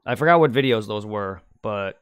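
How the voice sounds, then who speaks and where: A man's voice: fairly low pitch, expressive, moderate pace, smooth. Man rambling casually on a game stream. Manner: rambling, mutters and hums while reading. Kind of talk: casual live-stream gaming chat.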